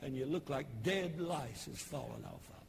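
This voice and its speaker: A pastor in his sixties with a Tennessee Southern accent, preaching a folksy, humorous sermon with homespun storytelling and sudden shouted bursts. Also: mid-range voice, big pitch swings, normal speed, gravelly, background noise. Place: church service broadcast on television.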